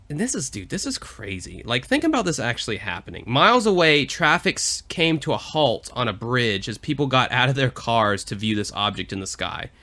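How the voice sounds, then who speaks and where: Bright-voiced man swearing on a podcast. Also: medium pitch. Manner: animated, swearing storyteller. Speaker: podcast co-host. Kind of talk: casual podcast chat.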